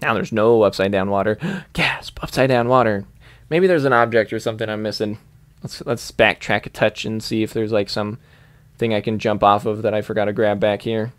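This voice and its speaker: A young man commentating his game in a loose, rambling way, giggling and thinking out loud. His voice is smooth and resonant, close on the mic. The sound is dry, with no room around it. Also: on the low side, fairly even intonation, a little fast, dry recording. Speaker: gaming YouTuber. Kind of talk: let's play commentary.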